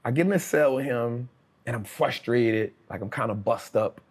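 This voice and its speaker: This New Orleans guest narrates his life story in an interview, speaking mid-range at a normal speed with a slightly rough tone. His delivery is casual street slang, animated, and full of acted quotations.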